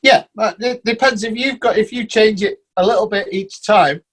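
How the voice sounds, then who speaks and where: A man's voice: high-pitched, normal speed, a bit bright, slightly rough, low-quality recording. A man with an English accent hosting a podcast, musing in casual chat with tag questions. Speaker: podcast host.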